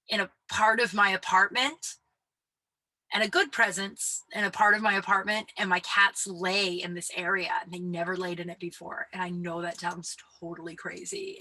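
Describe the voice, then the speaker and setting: Candid sweary woman podcaster, bright and dry. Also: steady tone, normal speed, no room sound, low-quality recording. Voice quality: deep voice. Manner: candid, rambling, sweary, often drops to a whisper. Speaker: podcast host. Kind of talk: casual solo podcast chat.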